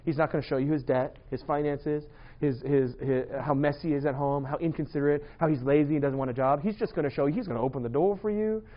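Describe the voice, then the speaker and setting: A man preaching a humorous sermon, telling lively stories with playful asides and bursts of laughter. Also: fairly high pitch, fast talker, dull audio.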